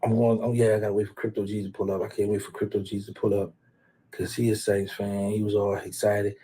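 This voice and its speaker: A man's voice: fairly low pitch, monotone, fast talker, husky. A man hosting a casual live stream, rambling and teasing rival fans, calling out viewers by name. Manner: teasing, rambling, trash-talking, shouts out viewers.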